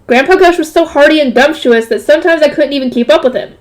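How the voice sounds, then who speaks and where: A woman's voice: sits high, fast. A woman reading a light novel aloud, stopping often to add casual jokey comments. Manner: breaks off to comment and joke. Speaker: reader.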